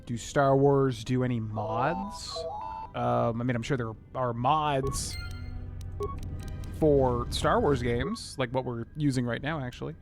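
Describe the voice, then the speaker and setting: A man's voice: medium pitch, steady tone, takes it slowly, gravelly, over music. A young man casually chatting with viewers while streaming a game, rambling with many fillers. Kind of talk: casual gameplay commentary.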